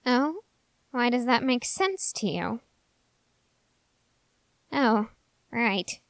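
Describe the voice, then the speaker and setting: A woman's voice: fairly high pitch, big pitch swings, extremely slow, no room sound, heavily acted. A woman voicing a dry, sarcastic young male cat-hybrid in a whispered role-play, mildly scolding yet caring. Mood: teasing.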